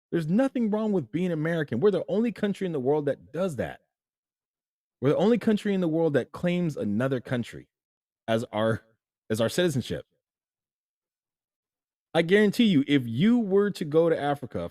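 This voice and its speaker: A young man hosting a solo opinion commentary, talking animatedly and jumping to emphatic highs as he acts out imagined people. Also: lively intonation, fast, darkish tone, dry recording, studio quality. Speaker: host.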